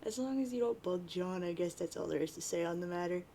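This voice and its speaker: Cocky teen boy fused with a bird, brash, offhand, gravelly, read by a woman. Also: lowish voice, fast talker, dark tone, slight background noise, lightly acted. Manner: reading chat lines aloud in a near-plain voice.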